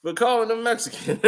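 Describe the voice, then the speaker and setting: A man's voice: sits high, bright, forceful tone. A man giving casual, chatty commentary over old photos, laughing often and telling stories in loose slang. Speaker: vlogger.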